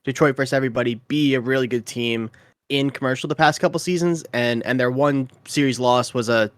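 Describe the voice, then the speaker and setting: A man's voice: medium pitch, a little fast, dry recording. A man on a casual esports panel who also plays, speaking in a hesitant way with many fillers. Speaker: panelist and player.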